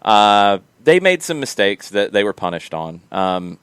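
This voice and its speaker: A man running a sports podcast, chatting loosely about match stats. His voice sits low but moves a lot up and down. The sound is dry and close. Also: measured pace, clear, resonant tone, no room sound. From United States. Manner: relaxed, thinking aloud with many ums. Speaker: podcast host. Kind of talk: casual sports talk.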